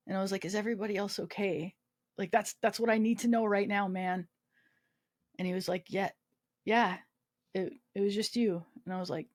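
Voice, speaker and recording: A woman's voice: mid-range voice, steady tone, fairly quick, a little mellow, no room sound, studio quality. A woman guest recounting a personal story in a casual interview, acting out the quoted dialogue and swearing freely. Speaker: guest, army veteran.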